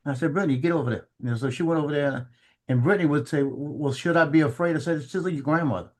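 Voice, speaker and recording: A middle-aged man recounts family memories in a relaxed, conversational way. His voice sits a little high for a man, and he stumbles and repeats words as he acts out the lines of the people in his story. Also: racing. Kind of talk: casual storytelling chat.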